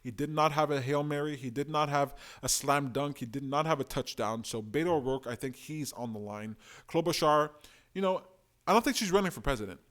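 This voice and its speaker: Excitable man streaming live commentary. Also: on the high side, fairly quick. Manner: opinionated, animated, talks to chat.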